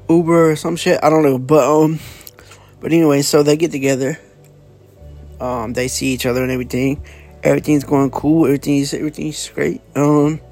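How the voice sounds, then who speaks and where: A man's voice: medium pitch, a little mellow. A man casually recapping a comic book's plot, rambling with lots of fillers, restarts and offhand swearing. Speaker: comic book reviewer.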